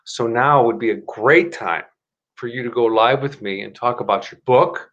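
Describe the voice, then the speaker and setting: A man talks into his computer mic while hosting a live stream. He rambles in a chatty way and often stops to correct himself. At times he slips into an upbeat motivational pitch. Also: moderate pace, fairly bright tone, dull audio. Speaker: host of a live stream show. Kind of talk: casual live-stream talk and self-help pitch.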